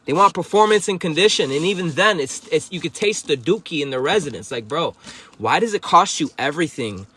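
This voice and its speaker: A man's voice: a little high, animated, a little fast, pushed and bright, husky. A man giving a livestreamed spiritual monologue to viewers, profane, confrontational and preachy. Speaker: livestream host.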